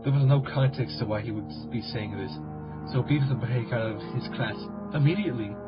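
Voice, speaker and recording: A man reading a parody creepypasta for laughs, rambling and crude with self-mocking asides. The recording is dull and lo-fi, with loud music playing under his voice. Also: mid-range voice, fairly quick. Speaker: video host.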